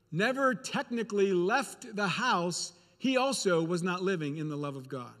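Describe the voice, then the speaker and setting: High-voiced male preacher in a reverberant church. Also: fairly bright tone. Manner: earnest, repeats phrases for emphasis. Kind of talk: sermon.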